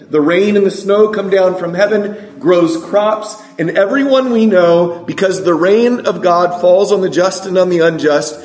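A middle-aged man preaching a sermon, energetic and asking the congregation questions. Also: high voice, echoey room.

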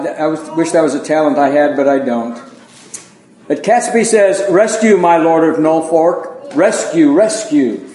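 A man's voice: fairly high pitch, a little mellow, reverberant, slight background noise, poor audio. A man preaching an evening Bible lesson in a conversational sermon style, folksy and self-deprecating, with plain asides to his congregation.

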